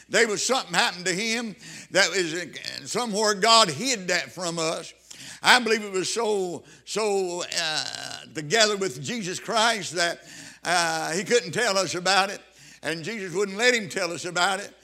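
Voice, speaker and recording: A man's voice: high voice, moderate pace, pushed and bright. A man preaching a fervent sermon, repeating phrases and calling out hallelujahs.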